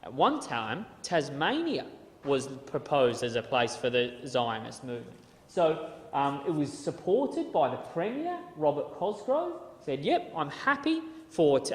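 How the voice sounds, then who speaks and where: A man giving a conversational Bible talk with slides, often repeating words and restarting as he reads quotes aloud. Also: fairly high pitch. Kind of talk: casual lecture with slides. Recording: echoey hall with long reverb.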